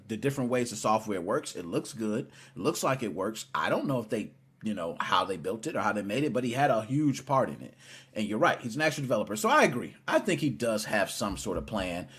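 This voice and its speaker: A man hosting a casual gaming podcast, teasing his guest in an animated, playful way. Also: mid-range voice, slightly rough. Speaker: podcast host.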